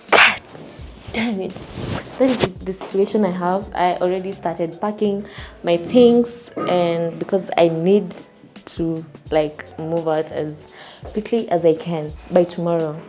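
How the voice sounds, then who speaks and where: A woman's voice: lowish voice, fairly even intonation, unhurried, soft background music. A young woman with a Kenyan accent, telling a storytime vlog from her home in a chatty, repetitive way. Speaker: vlogger. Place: her home while packing to move.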